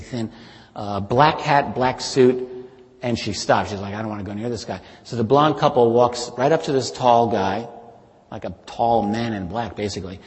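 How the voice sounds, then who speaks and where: A man giving a public talk, earnestly retelling witness stories and building suspense, his voice often trailing softer at the end of a point. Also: mid-range voice. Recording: long reverb of a large hall.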